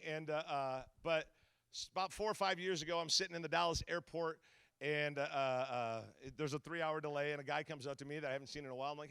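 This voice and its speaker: A man's voice: a little high, creaky, clear, resonant tone, no echo. A middle-aged man preaching a sermon as a guest speaker, telling stories and acting out the voices in them. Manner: storytelling, animated, acts out quotes.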